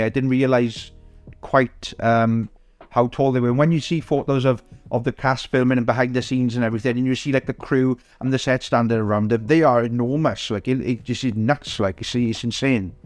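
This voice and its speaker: A man's voice: medium pitch, steady tone, a little fast, no echo, soft background music. A man co-hosting a casual podcast chat. He talks with many ums, uhs and restarts. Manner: hesitant, lots of ums and restarts. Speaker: podcast co-host.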